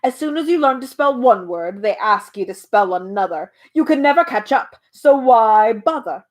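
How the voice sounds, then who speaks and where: A woman voicing a pompous, boastful old male humbug bug in a storybook reading, speaking loudly and grandly. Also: on the high side, animated, normal speed, close to an everyday voice.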